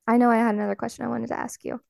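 Woman, podcast host, encouraging, gravelly, dry close sound. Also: fairly high pitch, little pitch movement, very fast, no echo. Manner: warm, encouraging, speaks to listeners directly. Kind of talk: casual chat.

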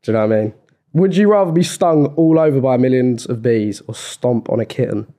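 A man's voice: medium pitch, fairly quick, dark tone. A young man hosting a podcast, chatting in loose banter and going off on tangents. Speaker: podcast host. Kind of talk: casual podcast chat.

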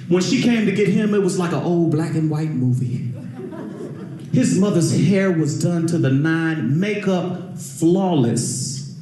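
A man performing stand-up comedy, telling a story in an animated, theatrical way. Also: sits high. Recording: echoey club with loud crowd laughter.

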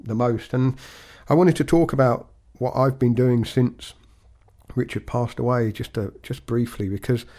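A man co-hosting a podcast, talking in a measured, reflective way with frequent restarts. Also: mid-range voice, steady tone, warm tone. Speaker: podcast co-host.

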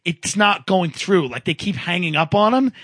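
Bright, husky comedian telling stories. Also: male voice, high-pitched, animated, normal speed, no room sound. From Long Island. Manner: rambling storyteller, acts out characters in quotes. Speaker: podcast host. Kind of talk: casual comedic chat.

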